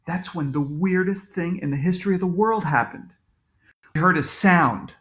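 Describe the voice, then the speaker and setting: A man's voice: sits high, normal speed, fairly bright tone. A man reading his own children's book aloud at home, playful and full of jokey asides. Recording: roomy echo.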